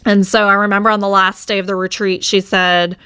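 A woman's voice: mid-range voice, flat delivery, fairly quick, bright, forceful tone, smooth, no echo. A woman in her thirties from the United States, telling her own life story in an emotional, reflective way. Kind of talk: personal storytelling.

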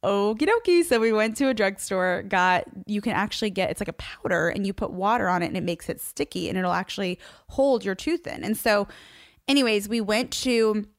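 A young woman recounts a mishap in a chatty, animated way, laughing now and then between phrases. Her voice sits at an ordinary middle pitch. The sound is dry and close, with no room around it. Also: brisk, no room sound. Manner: chatty, animated, laughs often while telling. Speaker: social media creator. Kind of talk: casual storytelling to camera.

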